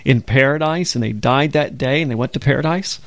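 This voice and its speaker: A man's voice: mid-range voice, brisk, a bit bright. A man co-hosting a religious broadcast, telling stories conversationally and explaining scripture step by step. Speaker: co-host of a Bible program.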